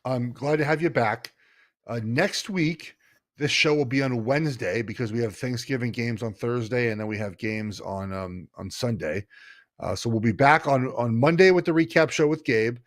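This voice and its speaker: A man's voice: medium pitch, normal speed. Chatty man hosting a casual podcast. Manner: chatty, rambling with many fillers and restarts. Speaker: podcast host. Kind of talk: casual chat.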